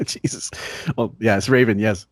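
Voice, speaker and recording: A man's voice: on the low side, steady tone, a little slow, no echo, studio quality. A man hosting a podcast, joking and laughing often as he chats. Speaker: podcast host. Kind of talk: casual chat.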